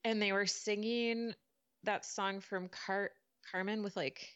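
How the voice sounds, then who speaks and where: A woman's voice: mid-range voice, fairly even intonation, slow, fairly bright tone, smooth, no room sound. A woman in her thirties or forties co-hosting a casual talk show, chatty and often saying "like.". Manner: chatty, uses "like" a lot, laughs often. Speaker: podcast co-host. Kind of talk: casual chat. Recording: slightly muffled dry mic.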